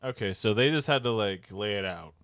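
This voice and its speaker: Low-voiced man riffing on a stream. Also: fairly quick, fairly bright tone, no room sound, clean studio sound. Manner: reads panels aloud and reacts with loose, profane commentary. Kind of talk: casual live-stream reaction and reading aloud.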